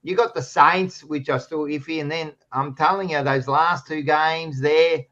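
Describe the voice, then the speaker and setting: Brief: Australian male co-host, higher-pitched, teasing banter, dull lo-fi audio. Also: fairly even intonation, a little slow, a bit bright. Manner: teasing, needling, swears. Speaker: podcast co-host. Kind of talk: casual sports banter. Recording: dull lo-fi sound.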